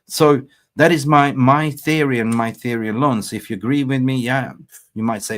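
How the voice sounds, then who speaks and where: A man hosting a football fan channel livestream, chatting casually, rambling with animated swings and laughing at his own jokes. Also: mid-range voice, normal speed.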